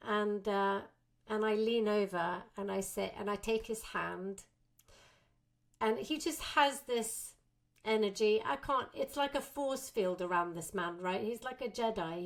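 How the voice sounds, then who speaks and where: A woman guest on an interview show, telling a story with animation and often slipping into quoted lines of dialogue. Her voice sits at an average pitch for a woman, in a relaxed, conversational way. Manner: animated, acts out quotes of herself and others.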